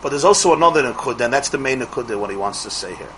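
Animated, forceful male rabbi teaching. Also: medium pitch, slight background noise, rough recording. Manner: animated, with rhetorical questions and quick restarts. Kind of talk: Torah class lecture.

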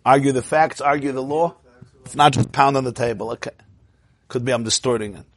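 A man giving a lively storytelling talk, laughing often and shouting out his punchlines, with Yiddish and Hebrew phrases mixed in. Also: mid-range voice, fairly quick. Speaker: Torah speaker.

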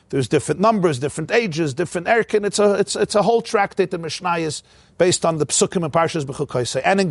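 A man leads a text-study lecture, raising a question and then working through the answer. His voice sits fairly high with a gravelly edge. The sound is close and dry. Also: no echo. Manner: explains by posing rhetorical questions. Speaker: Torah teacher.

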